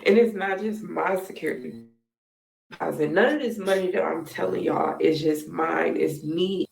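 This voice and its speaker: A woman's voice: fairly low pitch, moderate pace, creaky. A woman venting to viewers about money troubles, sick and close to tears, frustrated and complaining. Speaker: vlogger in a played clip. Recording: roomy, distant mic.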